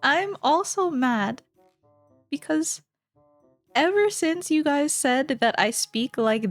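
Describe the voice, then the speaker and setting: A woman's voice: high voice, unhurried, no echo, soft background music. A young woman streamer chatting casually with her viewers, rambling, giggling and trailing off mid-sentence. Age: young adult.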